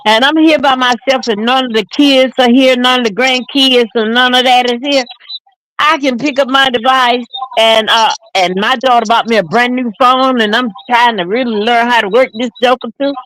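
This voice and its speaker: A woman's voice: a little high, steady tone, moderate pace, fairly bright tone, no room sound, poor audio. Seventy-something woman, toothless, dry close sound, salty and joking. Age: 70s. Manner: salty, joking, laughs often. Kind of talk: casual chat.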